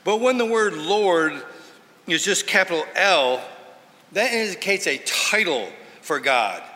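A man's voice: sits high, lively intonation, a little slow, sharp tone. A man teaching from the Bible in an earnest, emphatic sermon style. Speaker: preacher. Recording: hall reverb.

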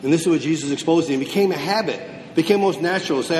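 A man's voice: fast, few pauses, darkish tone. A man preaching a sermon, asking questions and answering them himself. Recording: roomy hall with long echo, faint rumble.

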